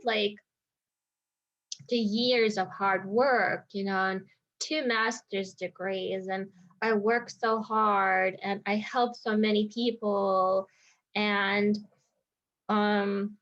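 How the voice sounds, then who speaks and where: She's an energy healer with a mid-range, somewhat bright voice, speaking slowly and steadily as she works through a personal story in a vlog. Her reflections loop around, full of "like" and "you know" asides, over a dull lo-fi recording.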